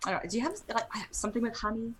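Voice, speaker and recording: A woman's voice: on the high side, rapid-fire, poor audio. A woman player in a tabletop game, playful and chatty with lots of "like"s. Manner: playful and animated, with many "like"s. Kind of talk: casual tabletop role-play.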